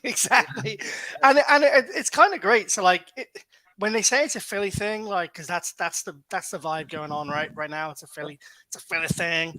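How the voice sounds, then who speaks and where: An Irish man talks fast and eagerly, stumbling over restarts as he gets worked up. His voice is fairly high and very bright. The sound is close and dry. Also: no echo, rough recording. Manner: excitable, stammering restarts. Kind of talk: casual fan chat.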